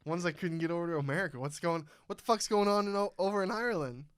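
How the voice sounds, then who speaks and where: A man's voice: sits high, fast talker, clear, resonant tone, no echo, studio quality. A young man co-hosting a podcast, bantering and cracking crude jokes. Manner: joking, profane banter. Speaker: podcast co-host. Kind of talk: casual chat.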